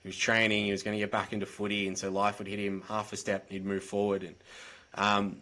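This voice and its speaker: A man with an Australian accent speaks in a somewhat low register. His talk is direct and earnest, the frank conversational way of a podcast guest. He sounds like he is on a video call. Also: monotone, quick pace, pushed and bright. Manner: direct, earnest, plain-spoken. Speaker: podcast guest, mental health advocate. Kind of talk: candid conversational storytelling.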